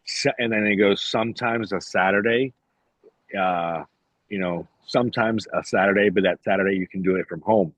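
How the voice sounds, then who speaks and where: Husky low-voiced man telling a rambling story. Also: moderate pace, no room sound, poor audio. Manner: profane, rambling, quotes others in dialogue. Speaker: podcast guest. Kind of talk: casual storytelling chat.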